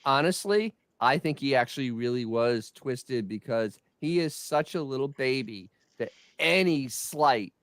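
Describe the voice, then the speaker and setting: A man's voice: medium pitch, expressive, measured pace, few pauses, fairly bright tone, no room sound, studio quality. A man co-hosting a podcast, heated and stammering in casual chat. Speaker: podcast co-host.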